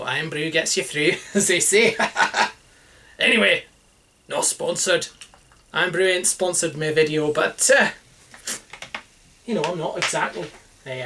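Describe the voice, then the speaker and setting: A man vlogging casually over lunch at home, talking slowly with many pauses and fillers and chuckling often. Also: fairly high pitch, bright, forceful tone.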